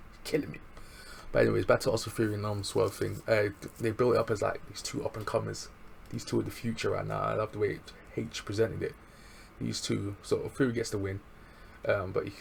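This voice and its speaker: A man with a gravelly, slightly low voice talks through a show recap in a loose, excitable way. His speech is slangy and full of chuckles. There is a faint hiss behind him. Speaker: wrestling show reviewer. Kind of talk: casual recap chat.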